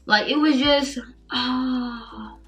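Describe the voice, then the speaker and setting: A woman's voice: high-pitched, drawn-out words, rough recording. A young woman telling a casual storytime on her vlog, slangy and full of "like", recorded on a camera mic. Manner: animated, slangy, heavy use of "like". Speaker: vlogger.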